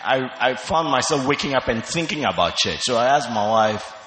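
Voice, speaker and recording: A man telling his conversion story as a testimony in church, earnest and measured. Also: medium pitch, animated, fairly bright tone, echoey room, big-room sound. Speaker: church member giving testimony. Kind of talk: personal testimony on stage. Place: large church hall.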